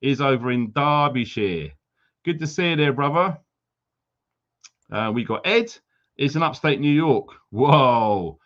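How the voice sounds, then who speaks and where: A man's voice: mid-range voice, animated, measured pace, pauses often, fairly bright tone, dull audio. Jokey man hosting a livestream. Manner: jokey, teasing banter with viewers. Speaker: livestream host. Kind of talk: casual livestream chat.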